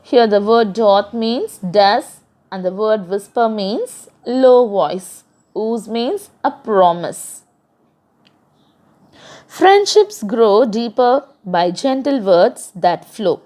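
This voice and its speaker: A woman's voice: mid-range voice, animated, slow, mellow. A woman teacher with an Indian English accent, reading a poem aloud to a class and explaining it line by line, defining the words. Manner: reads verses then paraphrases and defines words.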